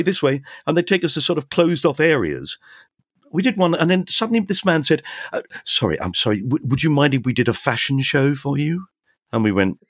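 An older man, a podcast guest, telling animated anecdotes and acting out the voices of people in them. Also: mid-range voice, no room sound, clean studio sound. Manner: animated storyteller, acts out quoted voices. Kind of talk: casual anecdotes.

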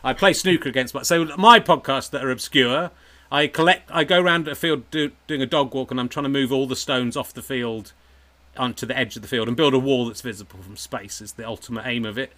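English guy hosting a comedy podcast, bright voice, rambles and laughs at himself a lot. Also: mid-range voice, fairly quick. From England. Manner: rambling, self-mocking, laughs often. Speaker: podcast host. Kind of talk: casual comedic interview chat.

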